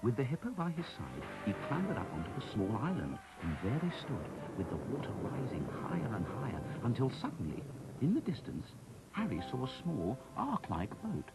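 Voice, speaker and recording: A man narrating a children's storybook in a gentle, expressive way. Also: medium pitch, moderate pace, creaky, poor audio. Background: soft music.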